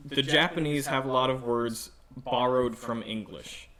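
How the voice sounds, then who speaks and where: A man chatting casually on a podcast about travel, talking in halting bursts with restarts and fillers. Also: medium pitch, fairly even intonation, crowd noise. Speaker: podcast participant planning a Japan trip. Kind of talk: casual chat.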